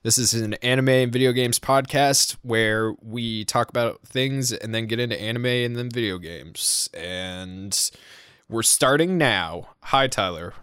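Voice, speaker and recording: A man hosting a casual home podcast, rambling along with frequent restarts and self-deprecating jokes. His voice sits at an ordinary middle pitch and is recorded close and dry, with no room sound at all. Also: unhurried, a bit bright, clear, resonant tone, no echo. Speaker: podcast host. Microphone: home podcast microphone.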